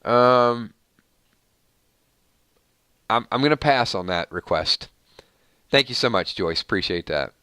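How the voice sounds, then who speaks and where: A man's voice: mid-range voice, animated, slow pace, pauses often, sharp tone, smooth, dry recording, clean studio sound. A man hosting a casual live stream, rattling off long lists of viewer names and thanking each one.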